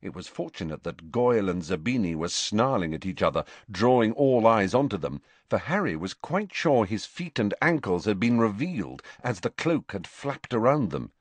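A man narrating an audiobook with expressive, animated storytelling. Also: fairly low pitch, normal speed, hardly any pauses, no room sound. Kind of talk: scripted narration.

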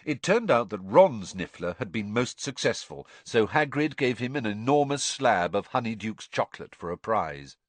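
A man reading an audiobook with expressive storytelling. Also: fairly low pitch, normal speed, hardly any pauses, no room sound. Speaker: narrator.

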